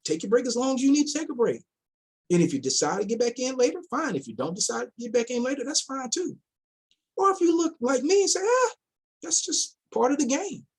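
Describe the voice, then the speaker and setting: Husky-voiced man asking rhetorical questions. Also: extremely high pitch, big pitch swings, fast talker. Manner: rhetorical, repeats himself, mocks imagined investors in quoted voices. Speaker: investment vlogger. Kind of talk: casual commentary.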